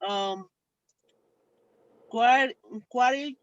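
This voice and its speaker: A student answering slowly and hesitantly in an online English class. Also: mid-range voice, a bit bright, no room sound. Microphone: video call. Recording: dry dull video call audio.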